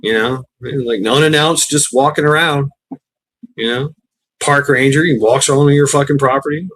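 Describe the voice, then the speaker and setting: A man chats on his livestream in a loose, rambling way, swearing freely and often breaking into laughter. His voice sits at an ordinary middle pitch. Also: steady tone, moderate pace, fairly bright tone. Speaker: livestream host. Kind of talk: casual profane chat.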